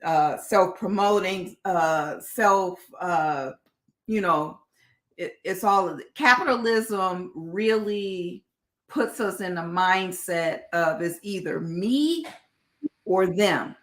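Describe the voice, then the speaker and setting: A woman speaking as a panelist in a live video conversation, earnest and reflective, pausing often with fillers. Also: lowish voice, fairly bright tone. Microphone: video call.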